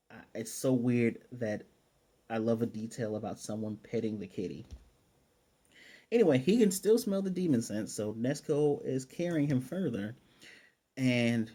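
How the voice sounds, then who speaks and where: A man casually recapping an anime episode, retelling scenes with lots of fillers and restarts. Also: medium pitch. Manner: excited storytelling with frequent fillers and restarts. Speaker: anime reviewer.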